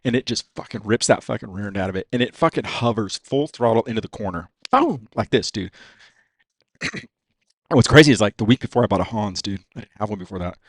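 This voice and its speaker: Gravelly low-voiced man, casual podcast guest. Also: fast talker, no room sound. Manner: profane, says "dude" constantly. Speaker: racing driver guest. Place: podcast studio.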